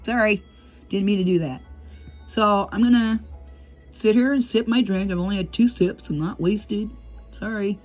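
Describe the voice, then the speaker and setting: A middle-aged woman rambles through a casual home vlog in a mid-pitched voice, chatty and quick to laugh. Now and then she sinks into a lower, quieter tone. Soft music plays faintly behind her. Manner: rambling and chatty, laughs often, drops low and quiet at times. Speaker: vlogger. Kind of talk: casual monologue to camera.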